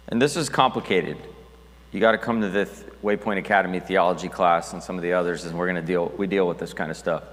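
A man's voice: sits low, fairly even intonation, fairly quick, big-room sound. A man preaching a sermon as pastor, talking conversationally with restarts and reading scripture aloud.

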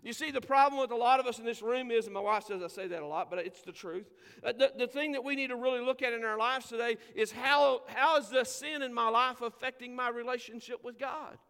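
A man preaching a sermon as pastor, with emphatic delivery, drawn-out scripture quotes and conversational asides to the congregation. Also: extremely high pitch, creaky, fairly bright tone, smooth, in a large hall. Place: church sanctuary.

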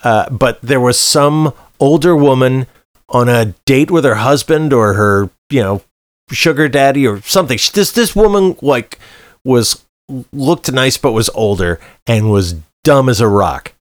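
A man's voice: mid-range voice, unhurried, no room sound. A man co-hosting a podcast, telling stories in a casual movie chat and mimicking people as he goes. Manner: animated storyteller, mimics people. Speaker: podcast co-host.

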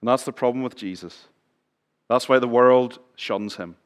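A man's voice: medium pitch, normal speed. Man preaching a conversational sermon. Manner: conversational, asks the congregation questions, drops to near whisper for emphasis. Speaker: pastor. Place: church.

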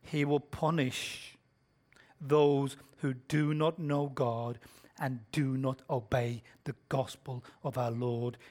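This preacher, a man, speaks slowly with a flat delivery in a mid-range voice. His sermon is blunt and confrontational, quizzing the audience and lurching between quiet whispers and shouted stretches.

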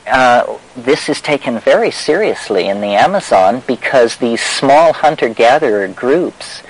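Man, lecturer, middle pitch, wry, emphatic, meandering, lots of fillers. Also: low-quality recording. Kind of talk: discursive spoken talk.

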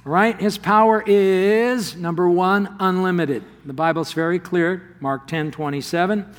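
A man preaching a sermon as pastor, animated and laughing often as he retells the story. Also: sits high, measured pace. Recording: long hall reverb.

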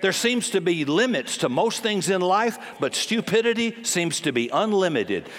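A man preaching a sermon as pastor, forceful and blunt, with jokes and sudden commands. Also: sits high, very animated, normal speed, a little hiss or hum. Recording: long hall reverb.

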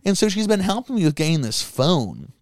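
Rambling, animated male podcast co-host. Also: high voice, a little fast, no room sound, studio quality. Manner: rambling storyteller, laughs mid-sentence. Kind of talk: casual comedic podcast banter.

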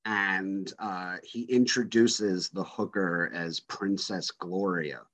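A man retells favorite movie moments in a casual podcast chat, slipping into the characters' lines as he goes. His voice sits low and easy. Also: steady tone, slow pace, a bit bright. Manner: storytelling, retells scenes acting out the lines.

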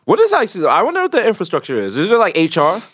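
A man's voice: high voice, fast talker, breathy edge, dry recording, studio quality. A man co-hosting a podcast in casual, slangy comic banter. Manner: animated, riffing, slangy. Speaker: podcast co-host.

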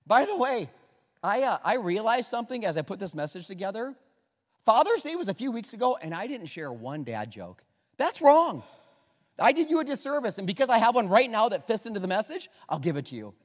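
Pastor preaching, super animated, jokey, goes quiet then loud, echoey church hall. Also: male voice, high-pitched, a little fast. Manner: animated, joking, swings from hushed to loud. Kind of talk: sermon.

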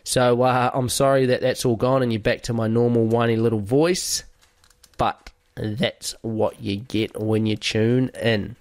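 A male podcast host talks listeners through training ideas in an easy, conversational way, listing points and pausing on the odd filler. His voice sits in a middle register. The recording is close and dry, with no room sound. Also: medium pitch, level tone, dry recording. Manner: conversational, explains with lists and fillers. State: recovering from a cold. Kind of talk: podcast monologue.

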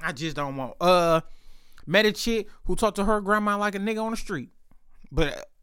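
Profane rambling man, fairly high voice. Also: normal speed, fairly bright tone, clear, resonant tone, no echo, studio quality. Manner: profane, rambling, laughs between lines. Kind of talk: casual storytelling monologue.

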